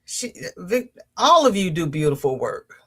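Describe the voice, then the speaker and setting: A woman's voice: very animated, a little slow, fairly bright tone, slightly rough. A woman hosting a crochet livestream, chatting casually, greeting viewers by name and reading their comments aloud. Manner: leisurely, chatty, with pitch jumps on greetings.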